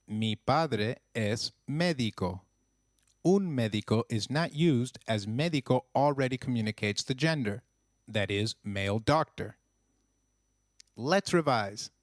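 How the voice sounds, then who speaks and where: Slow, clear male language tutor. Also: mid-range voice, expressive, no echo, studio quality. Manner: slow, clear, encouraging drills. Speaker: language teacher. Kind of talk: scripted lesson narration.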